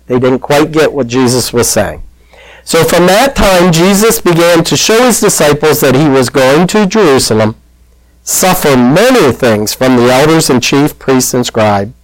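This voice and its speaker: A man's voice: a little high, no room sound, rough recording. A man preaching a conversational sermon, telling the story in a chatty, plain-spoken way.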